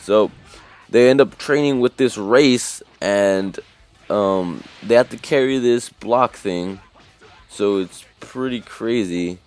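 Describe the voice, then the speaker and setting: A man's voice: lowish voice, slow pace, darkish tone, soft background music. A man casually recapping an anime episode as a reviewer, rambling with lots of fillers and restarts.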